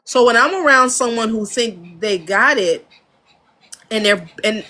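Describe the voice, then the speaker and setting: Frank, animated American woman producer. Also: fairly high pitch, measured pace. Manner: animated storyteller, acts out studio dialogue; frank, laughs often. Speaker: audio engineer and producer, guest. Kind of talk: casual interview talk. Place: home studio.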